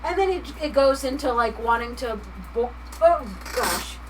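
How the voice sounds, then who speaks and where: A woman's voice: fairly high pitch, animated, measured pace, distant mic, a little hiss or hum, rough recording. A woman hosting a livestream, chatting casually in a rambling way with lots of filler words while she crafts at home. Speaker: livestream host.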